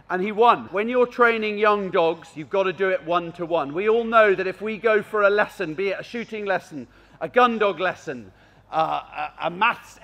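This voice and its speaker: A man with a high voice talks a crowd through a gundog training demonstration at an outdoor fair. He speaks in an expressive, animated way and slips into playful calls to the dogs. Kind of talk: live demonstration commentary to an audience. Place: outdoor country fair arena.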